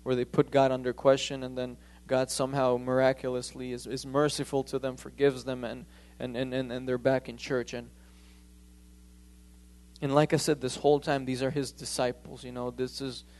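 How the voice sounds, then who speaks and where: A man delivers a sermon in a church with an emphatic, pressing delivery. He often stumbles over his phrases and restarts them as he drives his point home. His voice sits at a middle pitch for a man. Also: little pitch movement, normal speed, darkish tone. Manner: emphatic, with frequent stammered restarts. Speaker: preacher.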